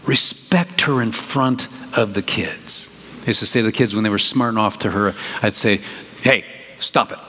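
A pastor preaching a sermon in an animated, conversational way, with big jumps in emphasis. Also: male voice, fairly low pitch. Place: church sanctuary. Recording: reverberant church hall, faint noise.

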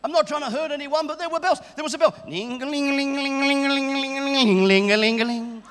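A man preaching a sermon at a church service, exuberant and shouting and joking with the congregation. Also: very high voice, steady tone, racing, big-room sound.

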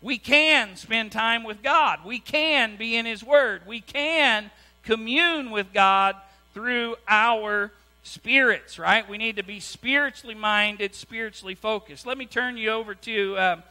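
This pastor's voice is high and a little slow as he preaches energetically in the church sanctuary. He repeatedly checks with the congregation by asking "right?", while a hum and long reverb fill the room.

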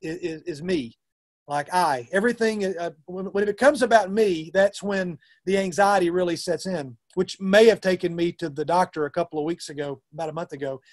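Earnest high-voiced man giving a talk. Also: normal speed. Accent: Southern US. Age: middle-aged. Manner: earnest, conversational, frequent restarts and fillers. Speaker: youth minister. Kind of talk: conference talk to youth ministers.

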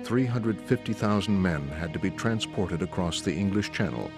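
A man giving grave, measured documentary narration. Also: sits low, lively intonation. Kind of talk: scripted narration. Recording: narration over loud music.

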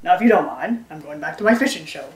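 A woman voicing her father, an unbothered middle-aged dad who speaks flatly and deadpan. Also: low voice, quick pace, reverberant, pitched below the performer's own voice. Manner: deadpan, flat.

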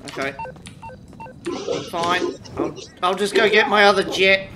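A woman hosting a casual game session with friends, playful and quick to swear and laugh. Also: medium pitch. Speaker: channel host, gamer. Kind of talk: casual gameplay chat. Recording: noisy game audio underneath.

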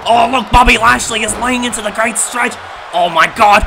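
A man calls a wrestling video game live, his high voice breaking into shouts and laughter. There is a gravelly edge to his voice. The stream audio carries steady background noise. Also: normal speed. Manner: shouts play-by-play, laughs often. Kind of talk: excited live game commentary.

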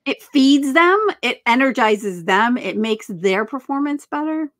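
A woman in her fifties hosting a podcast, chatting enthusiastically and asking quick questions. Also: a little high, lively intonation. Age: 50s. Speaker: podcast host. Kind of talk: casual interview chat.

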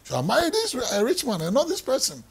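A man voicing an older mother-in-law who scolds her daughter with an I-told-you-so air, pitched well above his own voice. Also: wildly swooping pitch, fairly quick, husky, exaggerated voice. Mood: scornful.

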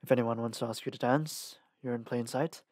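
A man's voice: medium pitch, steady tone, brisk, a little mellow, no echo, natural voice. A man reading the lines of a reserved young male guard captain with a dry manner. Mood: gruff.

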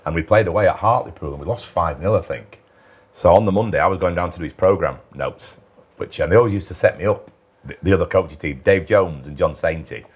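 A man who chairs a football club, telling animated anecdotes in a casual interview and mimicking the people he quotes. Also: sits low, quick pace, husky.

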